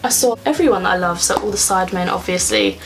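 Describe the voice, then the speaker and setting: A young woman talks through her makeup at home in a loose, rambling way. Her words are scattered with "like" as she chats to the camera. Soft music plays faintly underneath. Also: lowish voice, very animated, fast, rough recording. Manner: chatty and rambling, many filler "like"s. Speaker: beauty vlogger. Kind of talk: casual get-ready-with-me chat. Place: at home, indoors.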